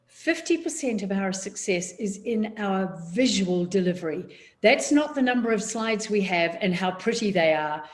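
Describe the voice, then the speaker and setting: A woman with a New Zealand accent, a public speaking coach giving an online workshop from her home office over a video call, talking in a measured, emphatic way with deliberate pauses. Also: medium pitch, darkish tone. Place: home office, seated on a chair.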